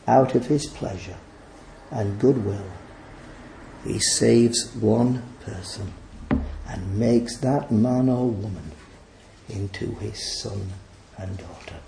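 A man's voice: on the low side, takes it slowly, gravelly, long pauses, reverberant, background noise. A man preaching a sermon, emphatic and pleading in his appeals.

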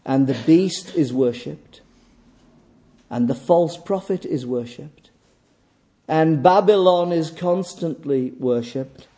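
A male preacher with a fairly high voice but a very dark, mellow tone. He speaks slowly and deliberately. He leans hard on key words as he delivers his sermon. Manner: measured, emphatic preaching with slow deliberate pauses.

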